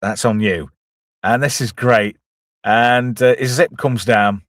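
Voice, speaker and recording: Taking it slowly with a steady tone, a man with a medium-pitched, slightly bright voice recaps a comedy film scene by scene in a chatty way, adding self-deprecating asides. He is a film reviewer and channel host.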